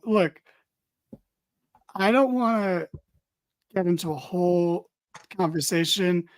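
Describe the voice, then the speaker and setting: A man's voice: high-pitched, takes it slowly, long pauses, smooth, no room sound. A tired man co-hosting a casual wrestling podcast, rambling with dry, mock-serious humor. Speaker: podcast co-host.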